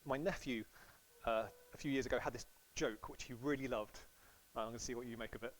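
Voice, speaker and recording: A man's voice: medium pitch, steady tone, brisk, poor audio. A man preaching a sermon in a casual, storytelling way, acting out quotes playfully.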